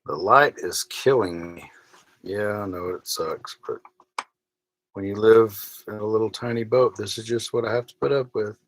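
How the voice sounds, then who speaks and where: At night in a sailboat's small cabin, a man speaks at a moderate pace in a lowish voice, casually chatting on a live stream. Reading viewer comments aloud, he feigns outrage wryly; the recording quality is low.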